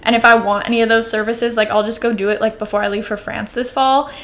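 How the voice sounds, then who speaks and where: A woman's voice: fairly high pitch, flat delivery, quick pace, a bit bright. A nineteen-year-old woman from the US West Coast hosting a casual solo podcast, rambling chattily with lots of "like" and "um". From Oregon, US West Coast. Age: teens, about to turn twenty. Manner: chatty, rambling, heavy use of "like" and "um"; upbeat and caffeinated. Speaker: podcast host.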